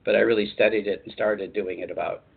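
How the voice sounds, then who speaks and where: A man's voice: fairly low pitch, steady tone, quick pace, creaky, breathy edge. A man hosting a call-in radio show, talking in a rambling, chatty way and laughing easily. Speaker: radio show host and channeler. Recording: tinny phone-line sound.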